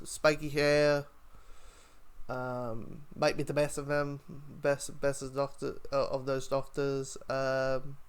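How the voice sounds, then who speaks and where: A man's voice: fairly high pitch, smooth. A man giving a casual, rambling spoken review of a TV episode. He restarts his sentences often. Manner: rambling, lots of fillers and restarts.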